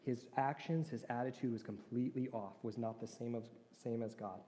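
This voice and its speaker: A man's voice: mid-range voice, steady tone, brisk, warm tone. A man preaching a sermon as a pastor, talking conversationally and putting questions to his listeners. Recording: long reverb of a large hall.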